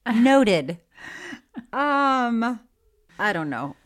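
A woman's voice: fairly high pitch, big pitch swings, extremely slow. A woman co-hosting a podcast in casual chat, reading listener mail in a playful, giggly way. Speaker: podcast co-host.

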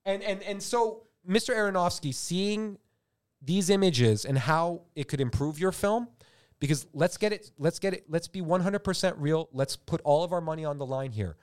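A man hosting a comedic podcast chat, his voice a touch higher than most and swinging widely in pitch. He rambles in a playful, jokey way and often breaks into shrill put-on voices to act out quotes. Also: moderate pace. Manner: animated, jokey, puts on squealing voices for quotes. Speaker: podcast host.

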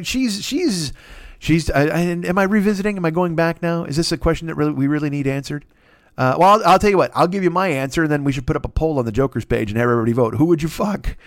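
A man hosting a comedy podcast, telling a long profane story in a rambling, animated way, full of restarts and asides. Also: fairly high pitch, dry recording, studio quality. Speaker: podcast host.

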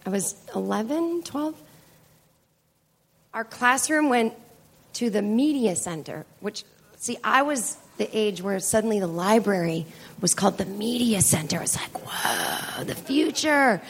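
A woman's voice: medium pitch, expressive, unhurried, gravelly, a little hiss or hum. A middle-aged woman comedian telling rambling, profane stories on stage at a live taping. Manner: chatty, profane, rambling asides. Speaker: stand-up comedian and podcast host. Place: stage in a small comedy venue.

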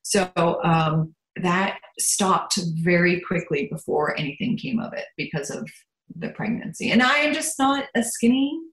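A middle-aged actress chatting as a podcast guest, animated and quick to laugh, turning soft and quiet when she talks about her children. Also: on the low side, reverberant, poor audio. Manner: animated, laughs a lot, swings between giddy and soft. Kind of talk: casual interview chat.

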